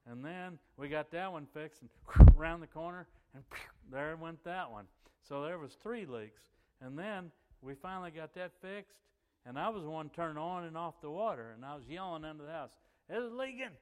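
A man's voice: fairly high pitch, long reverb tail. A middle-aged man telling a chatty church story, acting out what people said and laughing as he goes. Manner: chatty and animated, acts out quoted voices and laughs as he goes. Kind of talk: folksy anecdotal storytelling.

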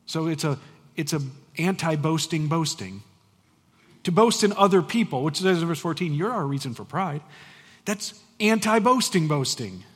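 High-voiced, emphatic preacher in a reverberant hall. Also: male voice, moderate pace, slightly rough. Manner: animated, emphatic preaching with conversational asides. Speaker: pastor. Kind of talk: sermon.

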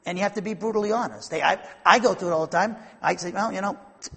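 Male preacher, high husky voice, rambling Bible teaching that builds to fervor. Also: rapid-fire, fairly bright tone, long reverb tail. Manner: rambling, repeats and restarts, builds to emphatic fervor. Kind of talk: conversational Bible-teaching sermon.

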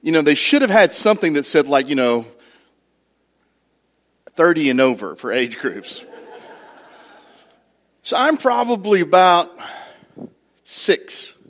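Middle-aged male pastor, conversational sermon with questions to the congregation, voice sits a little high. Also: sing-song, slow, pauses often, a bit bright.

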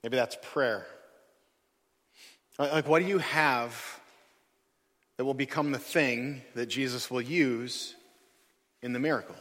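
A man's voice: mid-range voice, slow pace, long pauses, a bit bright. A man preaching a sermon as pastor, conversational, acting out the people he quotes. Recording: long hall reverb.

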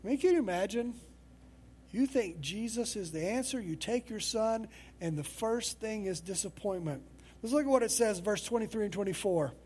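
A man's voice: high voice, lively intonation, normal speed, darkish tone, a little hiss or hum. A male pastor preaching a sermon in a conversational, storytelling way.

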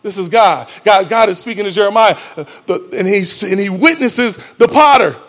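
A woman preaching a lively sermon, emphatic and often shouting, laughing between lines and calling out to the congregation. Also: medium pitch, normal speed.

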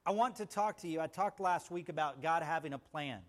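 A male pastor preaching a sermon, telling stories and calling out to the congregation, swinging from loud, emphatic phrases to hushed asides. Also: fairly high pitch, brisk, few pauses. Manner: storytelling with audience call-outs.

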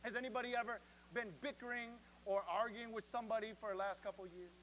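A man's voice: sits high, steady tone, quick pace, a bit bright, slight background noise, rough recording. A man in his forties preaching a sermon as pastor, with emphatic declarations that rise and repeat.

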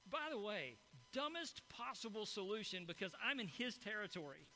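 A man's voice: high voice, very animated, moderate pace, bright, forceful tone, soft background music, poor audio. A middle-aged man preaching a sermon to a congregation, in a conversational, storytelling manner with frequent "right?" asides. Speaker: pastor. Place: church hall before a congregation.

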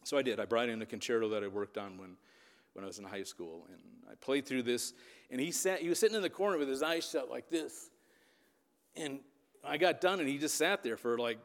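A man's voice: medium pitch, expressive, brisk. A man in his fifties from the Upper Midwest of the US, telling a story in a sermon and often checking in with his listeners. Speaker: preacher and youth leader. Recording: long reverb of a large hall.

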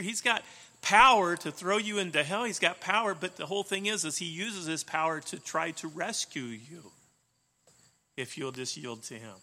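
A man preaching a sermon in an animated way, swinging between loud emphasis and soft asides. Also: a little high. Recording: long reverb of a hall.

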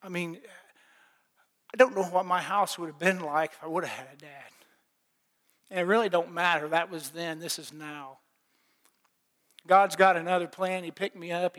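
A man's voice: high-pitched, fairly bright tone. A middle-aged man preaching a plainspoken sermon, telling his own story with folksy repeats and little laughs. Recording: long hall reverb.

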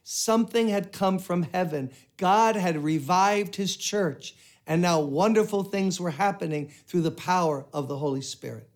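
An older man delivers a sermon in a fairly high voice. He preaches earnestly, with emphatic turns into prayer. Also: a little slow. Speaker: pastor.

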